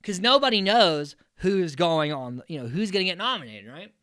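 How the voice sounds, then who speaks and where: A man's voice: high voice, moderate pace, no echo, clean studio sound. An American man hosting a podcast, chatting casually as he recaps a reality show, acting out quotes and swearing freely. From United States. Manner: animated, acts out quotes from the cast; swears casually, frequent fillers. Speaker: podcast host.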